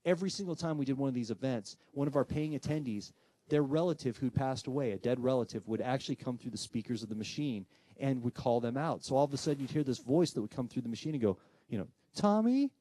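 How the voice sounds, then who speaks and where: In a live talk about spirit communication, a man narrates a story with animation, slipping into different voices for the quoted lines. He speaks at a quick pace in a mid-range voice, with no room sound.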